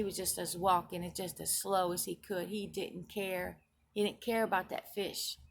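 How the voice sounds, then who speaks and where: A woman's voice: lowish voice, little pitch movement, normal speed, creaky, a little hiss or hum. A woman recounting a dream and its spiritual meaning for her video blog, earnest and emphatic, often repeating herself and restarting phrases. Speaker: Christian video blogger.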